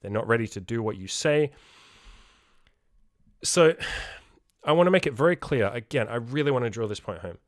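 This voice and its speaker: A man's voice: medium pitch, expressive, normal speed, pauses often, dry recording. Guy coaching folks on his podcast, blunt, swears a lot, repeats himself to hammer it in, dry close sound. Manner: blunt, swears freely, repeats words for emphasis. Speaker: self-improvement podcast host and coach. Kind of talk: casual podcast monologue.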